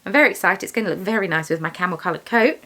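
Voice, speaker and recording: A woman's voice: on the low side, very fast, bright, forceful tone. A young woman vlogger chatting casually while she does bead weaving, rambling and poking fun at herself. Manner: rambling, self-deprecating, chatty. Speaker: vlogger, yarn dyer and shop owner.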